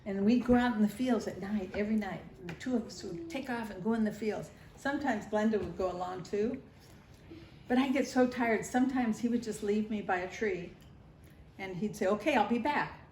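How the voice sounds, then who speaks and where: A woman's voice: mid-range voice, fairly quick. Older woman storyteller, nostalgic family memories, roomy echo, faint room hum. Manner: warm storytelling, nostalgic, acts out family voices. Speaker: grandmother sharing family memories. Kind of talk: recorded family interview.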